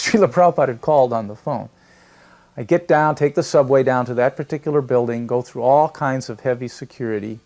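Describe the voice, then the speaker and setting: An older man telling a personal anecdote in a lively, storytelling way. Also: mid-range voice. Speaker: devotee recalling memories. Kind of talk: storytelling interview.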